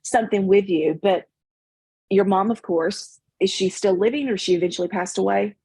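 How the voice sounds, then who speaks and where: A woman co-hosting a casual chat, asking her questions in a gentle, hesitant way. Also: mid-range voice, moderate pace, breathy edge, no echo. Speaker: co-host.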